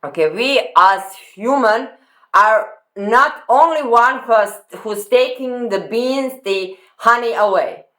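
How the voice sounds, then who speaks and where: A woman hosting a reaction video, commenting on a clip in halting phrasing that repeats words as she goes. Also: on the high side, fairly bright tone.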